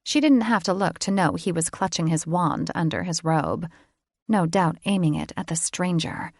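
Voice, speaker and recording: Brief: woman audiobook narrator, lowish voice with vocal fry, measured storytelling. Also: animated, no room sound, studio quality. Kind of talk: scripted narration.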